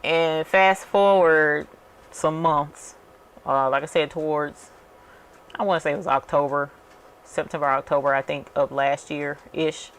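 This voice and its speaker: A woman's voice: deep voice, fairly even intonation, unhurried, clean tone. A woman hosting a crafting channel, telling a story in a chatty, casual way and calling her viewers y'all. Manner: chatty, addresses viewers as y'all, many fillers. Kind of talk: casual storytelling while working.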